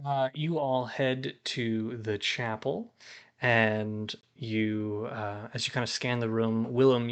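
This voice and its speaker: A man narrating as game master of a streamed tabletop game, unhurried and hesitant, pausing on fillers as he describes scenes. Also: fairly low pitch, fairly bright tone.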